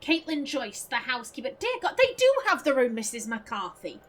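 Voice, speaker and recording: A woman hosting a let's play, chatting excitably and rambling as she plays. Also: sits high, moderate pace, a little hiss or hum, poor audio. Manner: excitable, rambling, self-interrupting. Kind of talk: casual gaming commentary and reading aloud.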